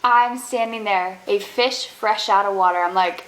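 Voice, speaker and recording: A young woman from Canada, telling quick, self-deprecating stories about embarrassing moments in a casual storytime vlog. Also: medium pitch, fairly bright tone, low-quality recording. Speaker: vlogger.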